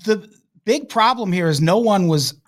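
A man hosting a podcast in casual chat, retelling scenes in an animated way and swearing freely. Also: sits high, normal speed. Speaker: podcast host.

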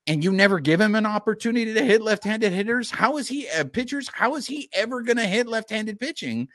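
Guy hosting a live sports show, pitch jumps all over, dry mic. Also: fairly quick, no echo. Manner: animated, talks straight to the fans. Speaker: podcast host. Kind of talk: live sports podcast talk.

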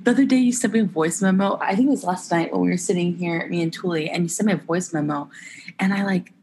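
A young woman, an Olympic softball player, chatting candidly as a podcast guest with lots of laughter and filler words. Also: fairly low pitch, fast talker. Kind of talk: casual podcast chat.

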